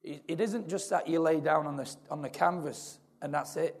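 A man preaching an earnest, repetitive sermon in a church, his voice gravelly. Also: on the high side, moderate pace. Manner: earnest, repetitive, building in intensity. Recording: long hall reverb.

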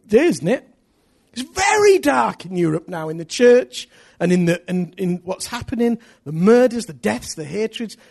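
A high-voiced man preaching with fervor. He drops to near-whispered earnestness, then lifts into loud, rallying questions aimed at the congregation. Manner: impassioned, swings from hushed to loud rallying questions. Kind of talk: sermon.

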